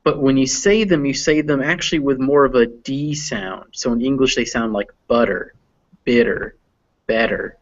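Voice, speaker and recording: A man's voice: medium pitch, normal speed, hardly any pauses. A man teaching English pronunciation in an online lesson, patient and encouraging, with lots of fillers. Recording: dull lo-fi voice chat audio.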